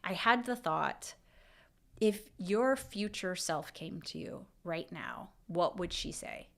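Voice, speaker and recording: A woman in her thirties, a podcast co-host, telling a personal story in casual chat, emotional and lively, quoting her own thoughts aloud. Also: fairly low pitch, takes it slowly, creaky.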